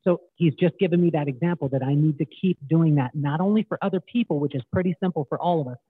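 A middle-aged man guest, telling stories in an animated way and acting out quotes. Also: a little high, quick pace, husky, no room sound. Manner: animated storyteller, acts out quotes. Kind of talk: casual storytelling interview. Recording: tinny phone-like line, dry.

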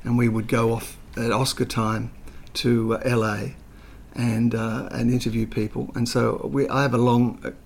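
With a gravelly, medium-pitched voice, this older interview guest talks at normal speed in a level tone, barely pausing. He's a chatty storyteller who hesitates with plenty of fillers and occasionally slips into other voices.

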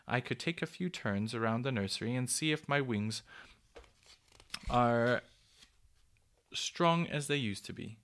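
A man voicing a kindly, motherly old female cuckoo bird who talks slowly and gently. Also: mid-range voice.

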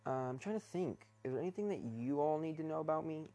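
A man's voice: a little high, lively intonation, quick pace, warm tone. A young man hosting his first solo talk episode, rambling hesitantly from his bedroom with many fillers and restarts. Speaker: podcast host.

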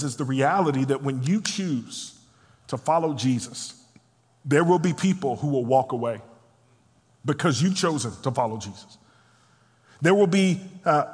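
Husky preacher. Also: male voice, medium pitch. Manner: dramatic, acts out voices, swings between loud and hushed. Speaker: pastor. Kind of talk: sermon. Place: church sanctuary. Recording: long reverb of a large hall.

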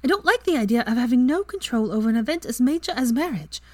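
A woman's voice: on the high side, expressive, quick pace, a little mellow, dry recording, voice pushed up, lightly acted. A woman voicing a bookish, stubborn young witch in a story reading. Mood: indignant.

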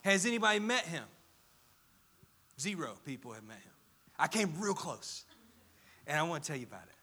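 Young male pastor, lively storytelling sermon, high bright voice. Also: normal speed. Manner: animated, storytelling with audience questions.

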